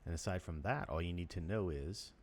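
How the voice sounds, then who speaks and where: A man's voice: low-pitched, a little fast, darkish tone, a little hiss or hum. A man teaching snare drum rhythms, explaining step by step and counting beats aloud. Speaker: percussion teacher. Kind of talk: instructional lesson.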